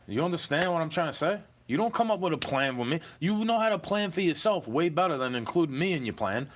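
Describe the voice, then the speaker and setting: Directing an angry, foul-mouthed monologue at someone who wronged him, a young man keeps saying "bro" to camera. His voice is fairly high-pitched, animated, and fairly quick.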